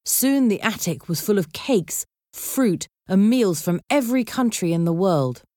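A woman reading a children's storybook aloud in a clear, measured storytelling voice. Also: mid-range voice, lively intonation, warm tone, dry recording, studio quality. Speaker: narrator.

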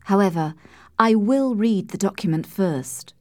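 A woman voicing a troubled young Victorian wife who speaks softly and sadly. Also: medium pitch, lively intonation, a little slow, no echo, clean studio sound, lightly acted. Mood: firm. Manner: soft, sad, pleading.

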